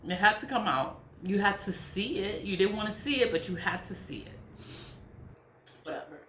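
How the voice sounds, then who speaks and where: A woman's voice: medium pitch, lively intonation, moderate pace, pushed and bright. Giggly rambling woman in an echoey room. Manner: rambling, repetitive, bursts of giggling laughter, swears. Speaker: self-styled witch vlogger. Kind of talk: casual monologue to camera. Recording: echoey room with faint background noise.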